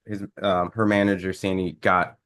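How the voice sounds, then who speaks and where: Man, interviewer, very low voice, rambling questions, hesitant, many restarts. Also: little pitch movement, moderate pace, fairly bright tone, clean tone.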